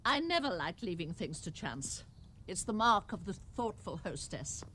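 Sitcom casting: a snobbish, genteel housewife, wildly swooping pitch, a bit of studio noise. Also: female voice, sing-song, moderate pace. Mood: prim. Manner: prim, affected, genteel delivery. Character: snobbish, pretentious middle-aged suburban housewife. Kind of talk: sitcom acting.

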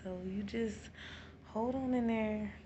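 A young woman vlogging casually while in early labor, chatty and excited, slangy and laughing often. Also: on the high side, takes it slowly. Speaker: mom vlogger. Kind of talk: casual vlog to camera. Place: home, then hospital room. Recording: noisy phone recording.

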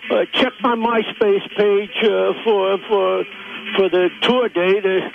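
A man on a comedy call-in, playing a sleazy, aging male disco singer who rambles in halting bursts full of fillers. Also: high-pitched, steady tone, vocal fry, music in the background, full character voice. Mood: rambling. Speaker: caller. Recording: dull lo-fi phone line.

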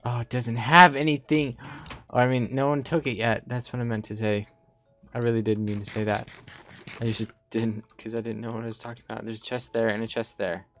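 Excitable young man narrating gameplay. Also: medium pitch, fairly quick, soft background music. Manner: excitable, jumpy, talks to himself. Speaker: gaming YouTuber. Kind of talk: Minecraft gameplay commentary. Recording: slightly dull lo-fi audio.

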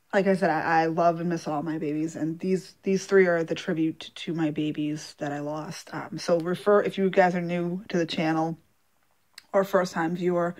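Woman vlogger, casual unboxing talk, soft and halting, fighting back tears. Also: on the low side. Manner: gentle, halting, with many fillers. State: emotional, holding back tears. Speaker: doll collector vlogger.

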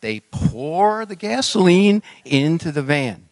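Lively man telling a church joke. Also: a little high, takes it slowly, no echo.

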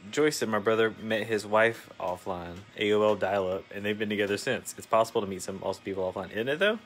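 A man's voice: fairly low pitch, fast talker, a bit bright. A man co-hosting a casual craft livestream, reading viewer comments aloud and joking along.

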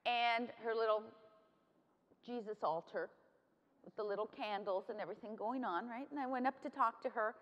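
A woman's voice: on the high side, normal speed, a bit bright, muffled recording. A middle-aged congresswoman moderating a policy panel, telling a personal story and slipping into Spanish phrases. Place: large conference hall. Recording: long hall reverb.

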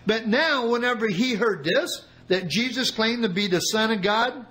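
A man preaching a sermon, reading scripture aloud and explaining it with dramatic pauses. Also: sits high, bright, forceful tone, faint music behind, rough recording. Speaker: pastor.

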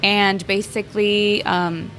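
A woman's voice: mid-range voice, level tone, slow pace, a bit bright, a little hiss or hum. A young woman from Mexico, the owner's daughter, chatting about her family's restaurant with lots of "like" and "um". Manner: chatty, frequent "like" and "um". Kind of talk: casual interview.

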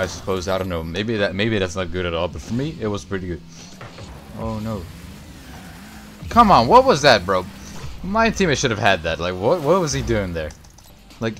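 A young man commentating his own gameplay, excitable and foul-mouthed, shouting at big plays and griping about teammates. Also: on the low side. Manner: excitable, swears often, yells at big plays. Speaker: gaming YouTuber.

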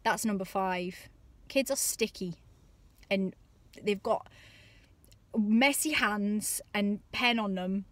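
A parenting vlogger in her thirties talks to camera in a medium-pitched voice, speaking slowly with long pauses. Her comic monologue is chatty and exasperated, and she acts out little voices. The recording is dry.

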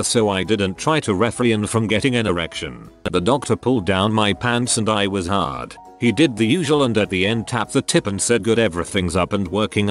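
A man narrates Reddit stories in a low voice. His pitch rises and falls a lot, but his delivery stays deadpan and matter-of-fact. Soft music plays quietly underneath. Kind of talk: reading Reddit stories aloud.

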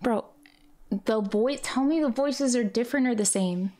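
A woman's voice: a little high, normal speed, warm tone. A young woman streamer chatting casually while gaming, playful and teasing, often laughing.

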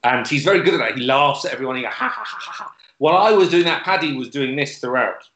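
A man hosting an online comedy club, delivering deadpan stand-up in a hesitant way with lots of filler words. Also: mid-range voice, quick pace, echoey room, slight background noise, low-quality recording. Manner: hesitant, many fillers and restarts, dry delivery.

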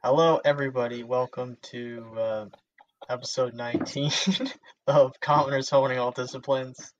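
A young man hosting a podcast in casual chat, relaxed and a bit hesitant. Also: mid-range voice, normal speed, muffled recording, background noise. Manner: relaxed, hesitant, many fillers. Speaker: podcast host.

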